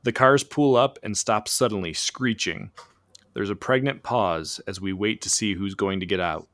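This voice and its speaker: A man's voice: lowish voice, moderate pace, a bit bright. A man narrating an improvised comic story, setting scenes like a screenplay.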